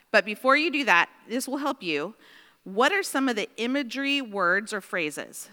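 A woman's voice: medium pitch, pushed and bright, long reverb tail. A woman teaching a Bible study class in a chatty way, often checking in with her students.

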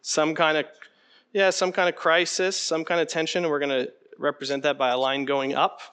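A man leading an interactive teaching session, conversational and animated, often putting questions to the room. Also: a little high, moderate pace, clear, resonant tone. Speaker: preaching workshop instructor.

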